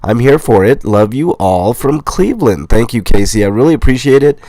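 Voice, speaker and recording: A middle-aged man with a stuffy, nasal voice from a cold, casually reading viewer comments aloud as a livestream host, relaxed and rambling. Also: medium pitch, moderate pace, dry recording. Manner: relaxed, rambling, with fillers and laughs. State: sick, congested nasal voice.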